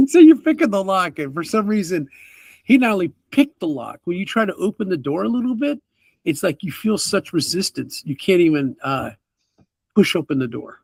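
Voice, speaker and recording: A man's voice: sits high, very animated, moderate pace, vocal fry, a little mellow, no echo. A man running a tabletop game as game master, narrating in a rambling, good-humored way.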